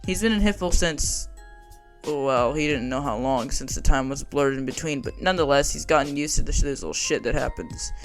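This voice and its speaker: A man's voice: mid-range voice, normal speed, soft background music. A man narrating a fan audiobook drama in a casual, conversational way.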